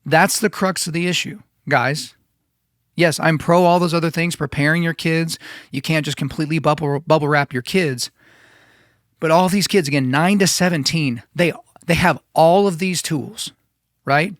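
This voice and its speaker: Guy hosting his own podcast, kinda high voice, emphatic, repeats stuff, dry close mic. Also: moderate pace, no room sound. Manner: conversational, emphatic, repeats himself. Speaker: podcast host. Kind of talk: solo podcast commentary.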